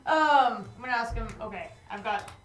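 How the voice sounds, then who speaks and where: A woman's voice: a little high, normal speed, slight background noise. A woman playing a tabletop game, giggly and hesitant, with many fillers. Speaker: player. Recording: roomy, distant mic, faint music.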